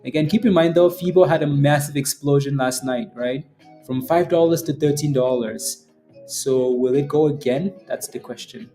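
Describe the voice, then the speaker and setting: A man with a slightly high, mellow voice runs a live day-trading stream in a loose, rambling way. He laughs easily and drifts into tangents. Soft guitar music plays faintly behind him. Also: normal speed. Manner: rambling and chatty, laughs often, many "right?" tag questions. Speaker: day-trading livestream host. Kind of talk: casual live market commentary.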